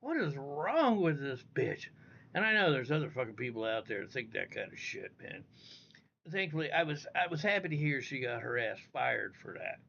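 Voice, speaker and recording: A man's voice: medium pitch, animated, brisk, vocal fry, pushed and bright, slight background noise. A man hosting a casual livestream, rambling and cursing freely as he talks straight to his viewers from home. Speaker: livestream host. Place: indoors at home. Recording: dull lo-fi audio.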